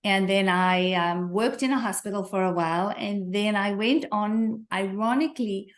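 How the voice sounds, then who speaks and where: A middle-aged woman speaks with a softened South African accent in a podcast interview. She is articulate and measured, explaining her story calmly at an ordinary pitch. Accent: South African, softened by years in Canada. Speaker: author and guest. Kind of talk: interview conversation. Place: remote call from home.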